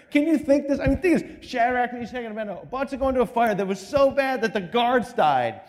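A pastor with a very high, animated voice preaches a sermon in a reverberant church hall. His storytelling is laced with comic asides and quick laughs.

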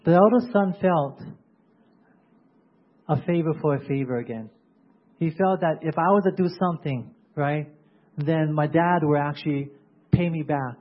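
A man delivers a sermon in a husky, fairly high voice, often stopping to put questions to his listeners. The recording sounds dull and lo-fi, with the top end muffled. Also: unhurried, pauses often. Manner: keeps asking the congregation questions. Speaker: preacher.

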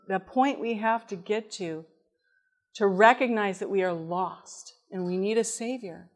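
A woman preaching a sermon, telling a personal story and acting out the dialogue in a lively way. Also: mid-range voice.

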